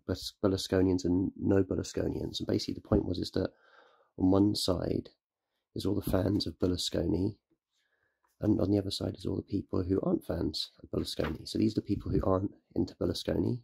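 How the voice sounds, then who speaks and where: A man's voice: low voice, creaky, dark tone, slightly rough. A man who is ill, chatting casually through a how-to vlog as a photographer, rambling and correcting himself. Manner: rambling, self-correcting, apologetic. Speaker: photographer and self-publisher.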